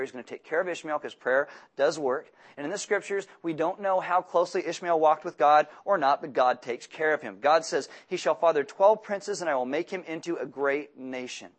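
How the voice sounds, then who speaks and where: A man preaching a sermon as pastor, reading scripture and acting out the voices of its figures with lively, joking asides. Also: fairly high pitch. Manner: animated, acts out voices of biblical figures.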